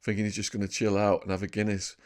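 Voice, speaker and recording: This English podcast guest, a man in his fifties, has a northern accent and a somewhat deep voice. Speaking fast in a relaxed storytelling interview, he spins colorful anecdotes loosely and keeps chuckling at his own tales.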